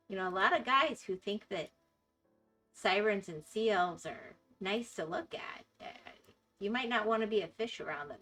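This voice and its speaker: A woman's voice: medium pitch, fairly bright tone. A woman with a Florida accent chatting casually with her stream chat, laughing often and apologizing when she stumbles over words.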